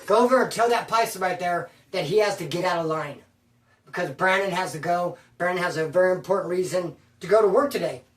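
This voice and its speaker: A man's voice: high-pitched, a little fast, close to an everyday voice. A pushy male inmate as a man quotes him, bossing someone around in his story. His voice comes from far back in a roomy space and carries some echo. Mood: insistent. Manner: insistent, commanding. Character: bossy male inmate giving orders.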